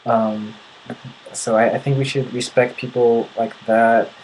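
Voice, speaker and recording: Young guy ranting on his vlog, pretty monotone, annoyed, keeps restarting sentences. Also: medium pitch, measured pace, a little hiss or hum, rough recording. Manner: indignant, restarts sentences often. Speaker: vlogger. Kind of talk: casual video rant.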